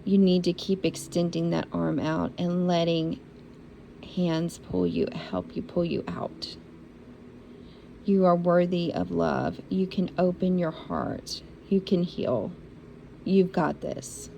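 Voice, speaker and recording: A woman doing an intuitive reading for zodiac signs in a slow, unhurried delivery. Her voice sits fairly low and has a gravelly fry to it. She speaks in an encouraging, repetitive and heartfelt way, over a faint hum of noise. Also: warm tone, low-quality recording. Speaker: intuitive reader.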